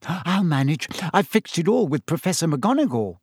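A man voicing a brisk, bossy schoolgirl. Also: a little high, sing-song, darkish tone, slightly rough, dry recording, studio quality, pitched above the performer's own voice, exaggerated voice. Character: clever, bossy teenage schoolgirl.

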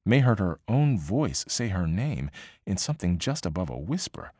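A man with a lowish voice narrates fiction in a measured, expressive reading, his pitch rising and falling with animation. The recording is dry and close to the mic, with no room echo. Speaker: audiobook narrator. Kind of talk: scripted narration.

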